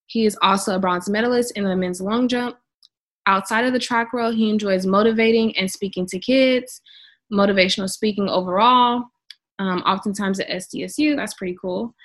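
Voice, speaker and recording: A woman from Inglewood co-hosting a podcast, chatting in an upbeat, relaxed way and introducing a guest. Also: medium pitch. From Inglewood, California. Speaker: podcast co-host.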